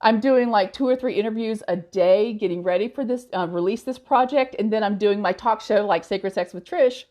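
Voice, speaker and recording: A woman chats live with her viewers, reading comments aloud in a casual, talkative way. She laughs easily and turns blunt when someone bothers her. Her voice sits at a middle pitch. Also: normal speed, few pauses, darkish tone. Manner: chatty, laughs often, blunt with trolls. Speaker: host of a live Q&A stream.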